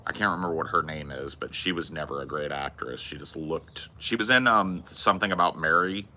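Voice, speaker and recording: A bass-voiced man talks a little fast in a sharp tone. Hosting a podcast, he rambles through casual chat, swearing plenty and bluntly judging movies.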